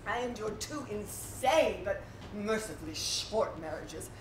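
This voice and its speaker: A woman's voice: medium pitch, expressive, unhurried, a little hiss or hum, close to an everyday voice. A woman playing a vain, tipsy stage actress. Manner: theatrical, self-mocking, giggly. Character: vain, insecure, tipsy actress wife in 1914 Vienna. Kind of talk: live stage play acting. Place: theater stage. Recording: roomy stage sound from a distant mic.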